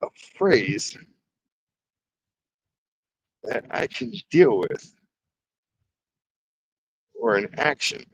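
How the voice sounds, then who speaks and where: In a low-quality recording with no room sound, a Detroit-area man speaks at medium pitch, very animated yet extremely slow, creaky and husky, with long pauses. He chats casually on a woodworking livestream, joking, reading the chat aloud and making nervous exclamations as he works.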